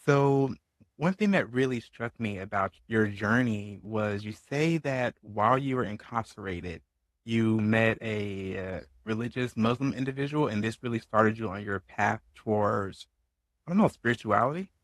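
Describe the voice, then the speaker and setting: A man hosting a podcast interview, responding warmly and asking questions. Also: lowish voice, normal speed, dry recording. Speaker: podcast host.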